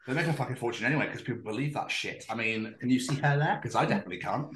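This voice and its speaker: A man's voice: medium pitch, rapid-fire, a bit bright, slight background noise. A man hosting a podcast in casual chat, rambling, swearing and joking. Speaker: podcast host. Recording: roomy echo.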